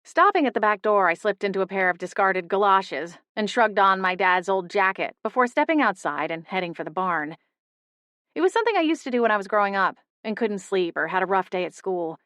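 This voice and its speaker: A young woman narrating a first-person audiobook in a steady, intimate storytelling manner. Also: mid-range voice, a little fast, no room sound, studio quality. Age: young adult.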